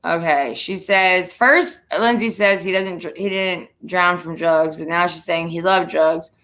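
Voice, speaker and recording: Bright, sharp-voiced woman, profane and blunt. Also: fairly low pitch, steady tone, a little slow. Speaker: podcast host. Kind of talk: casual chat.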